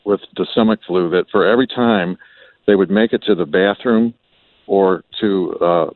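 A man's voice: low-pitched, moderate pace, no room sound. A middle-aged man calling in to a radio show, telling a funny family story in a folksy, wry way. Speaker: caller. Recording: muffled phone line.

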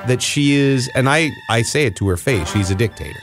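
A man's voice: medium pitch, expressive, a little fast, music in the background. A man co-hosting a podcast, telling a rambling, mock-indignant story in casual chat with frequent chuckles. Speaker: podcast co-host.

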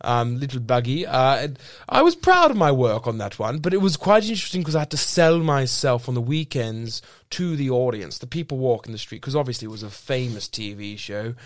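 A man's voice: mid-range voice, big pitch swings, brisk, few pauses, no room sound, studio quality, lightly acted. A man improvising a pompous, boastful male actor who brags about his career and laughs at himself. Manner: grandiose, boastful, laughs often. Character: pompous self-important male actor Badge Cornerstone. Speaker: comedy podcast host. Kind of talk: improvised comedy role-play.

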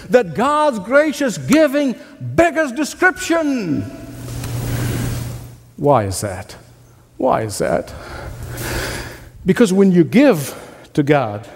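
A man preaching a sermon as pastor, animated, acting out voices and laughing as he goes. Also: high-pitched. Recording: long reverb of a large hall.

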